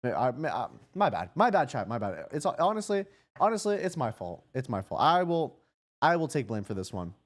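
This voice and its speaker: A man's voice: mid-range voice, sing-song, moderate pace. A young man chatting casually to his stream chat, rambling, correcting himself and swearing offhand. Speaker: streamer hosting a watch party.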